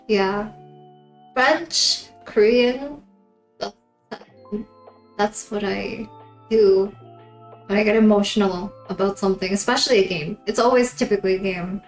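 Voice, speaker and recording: A woman's voice: mid-range voice, a little slow, pauses often. A woman live streamer chatting casually with her viewers, giggling often between remarks. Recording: roomy echo, faint background music.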